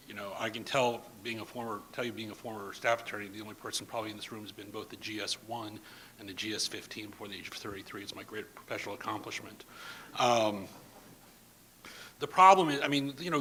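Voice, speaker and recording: A man speaking as a panelist at a policy event, telling anecdotes in a lively, joking way. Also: mid-range voice, a little hiss or hum, poor audio. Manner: lively storyteller, jokey. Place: conference room.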